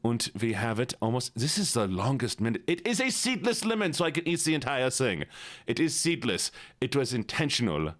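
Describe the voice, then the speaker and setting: A livestreamer chats casually on his stream, joking around and playfully greeting viewers one at a time. His medium-pitched voice is very animated and a bit bright, and he talks a little fast.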